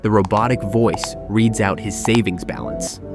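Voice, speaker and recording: A man giving scripted documentary narration in a measured, suspenseful storytelling manner. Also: fairly low pitch. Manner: tense, measured storytelling with dramatic pauses. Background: background music.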